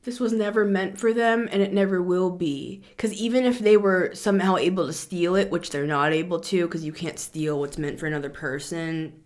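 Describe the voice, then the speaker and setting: A woman giving a casual, chatty tarot reading to camera, animated and quick to laugh. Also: lowish voice. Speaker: tarot reader.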